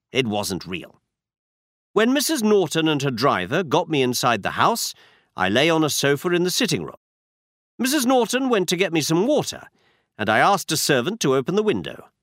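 A man voicing a shrewd, confident male detective who lays out his schemes in crisp, commanding explanations. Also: on the high side, a bit bright, no room sound, clean studio sound.

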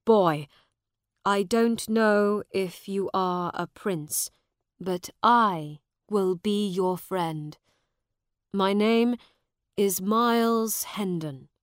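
A woman's voice: medium pitch, extremely slow, smooth, no echo, studio quality. Woman doing a firm, protective tall soldier. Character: tall strong kindly old soldier man.

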